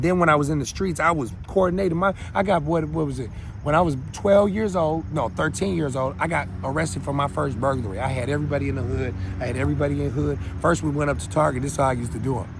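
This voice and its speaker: A man's voice: fairly high pitch, fairly bright tone, slight background noise. A man in his thirties hosting his own show, delivering a heated, preachy, rambling monologue with many restarts. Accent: Minnesota. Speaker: host. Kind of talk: impassioned solo monologue.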